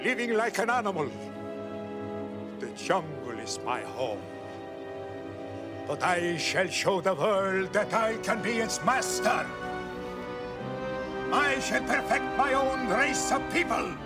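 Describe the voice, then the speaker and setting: An actor playing a brooding, older outcast mad scientist with a Hungarian accent, speaking slowly and theatrically. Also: male voice, high voice, expressive. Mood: grandiose. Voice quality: slow, theatrical, menacing. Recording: film audio with music behind.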